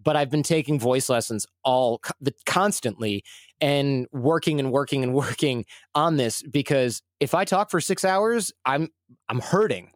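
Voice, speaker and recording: A man's voice: mid-range voice, animated, measured pace, no echo. Candid self-deprecating man, dry sound. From Michigan, USA. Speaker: guest. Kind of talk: casual conversational storytelling.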